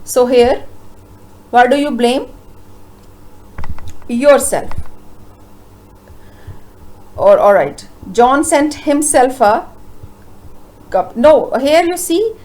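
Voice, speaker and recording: Teacher woman explaining grammar, somewhat high. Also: expressive, a little mellow, poor audio. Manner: explains slowly with frequent uh fillers, asks rhetorical questions. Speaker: English teacher. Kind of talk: grammar lesson lecture.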